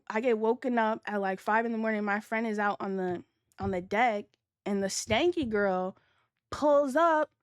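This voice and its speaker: A woman's voice: on the high side, dry recording. Young woman streamer, casual slangy storytime, swears a lot, laughs along, super dry no-room sound. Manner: slangy, profane, laughing as she tells the story. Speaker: livestreamer. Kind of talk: casual storytime chat with viewers.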